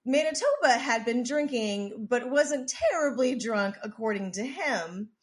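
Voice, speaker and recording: Pitched on the high side, this podcast co-host is animated yet unhurried. She tells her story casually with plenty of cursing, frequent restarts, and lots of "like."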